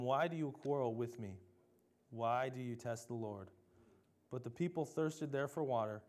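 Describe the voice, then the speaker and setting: Young man, preacher, sermon, chatty and self-deprecating, mid-pitched voice. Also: darkish tone. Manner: conversational, self-deprecating, mocks complainers with dramatic voices.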